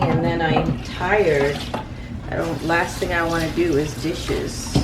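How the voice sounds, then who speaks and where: A woman's voice: lowish voice, distant mic, very noisy. A woman chatting casually to her camera in an apartment kitchen, rambling on as she tidies up. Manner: chatty, rambling, talks to herself while tidying. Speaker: travel vlogger. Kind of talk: casual vlog chat to camera. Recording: clear background music under the voice.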